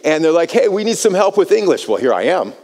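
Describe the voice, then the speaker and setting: Animated pastor preaching in a reverberant hall. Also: male voice, on the high side, quick pace. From United States. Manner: animated storytelling, repeats words when starting phrases. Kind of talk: sermon with personal story.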